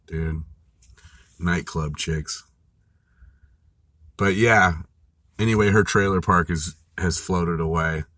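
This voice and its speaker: A man's voice: sits low, a bit bright, no room sound. A man casually telling a personal story, rambling and profane, full of fillers and restarts.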